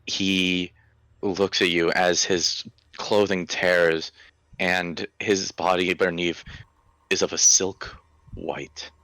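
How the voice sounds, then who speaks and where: A man narrating a horror tabletop game as game master, with slow, deliberate, vivid description. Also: low voice, little pitch movement, sharp tone, dry recording.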